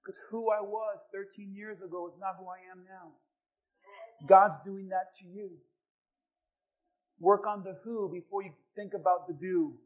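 A man, a pastor, preaching a sermon and telling personal stories, acting out the quoted voices with lively swings in loudness. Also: high-pitched, a little slow, long pauses, phone-quality sound. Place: church.

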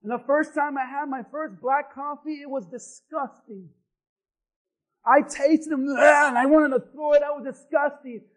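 A man preaching a sermon as pastor, swinging between quiet asides and shouted refrains. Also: extremely high pitch, fairly even intonation, normal speed, rough recording.

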